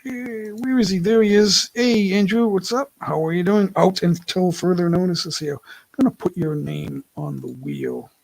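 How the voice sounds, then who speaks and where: A man hosting a casual livestream, his slightly raised voice heavily gravelly and husky. He talks in loose, rambling runs and keeps correcting himself mid-sentence. The sound is dry and close, with no room around it. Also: sits high, very animated, moderate pace, a little mellow, no room sound, poor audio. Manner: rambling, self-correcting, laughs often. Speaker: livestream host. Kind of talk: casual live-stream chat. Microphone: laptop mic.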